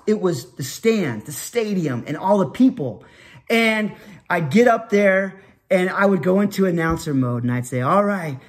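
A man with a fairly high voice tells a nostalgic story from his childhood. He rambles and restarts his sentences, then breaks into loud, shouted sportscaster calls.

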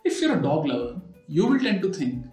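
A male host with a slightly raised pitch walks the listener through a personal anecdote in casual, explanatory talk. His delivery is loose and chatty, sprinkled with "you know." The voice rings in an echoey room over faint background music. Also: big pitch swings, fairly quick, darkish tone. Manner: conversational storytelling with frequent "you know" fillers. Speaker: podcast and video host.

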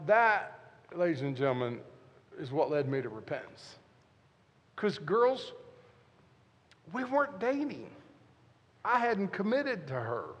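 A man's voice: a little high, big-room sound. A man in his fifties, a guest pastor telling a joking story in a sermon, talking straight to the congregation. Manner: animated, joking, talks straight to the crowd. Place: church.

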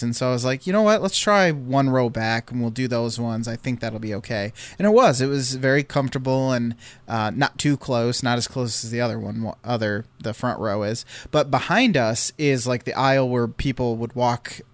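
A man's voice: mid-range voice, no echo. A man telling a long story in casual chat, rambling with fillers and restarts.

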